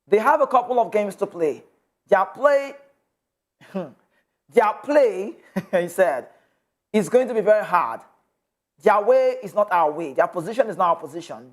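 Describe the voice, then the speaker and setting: High-voiced Nigerian man chatting football news. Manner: chatty, mixes in pidgin asides, laughs often. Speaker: sports show host. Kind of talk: casual football news commentary.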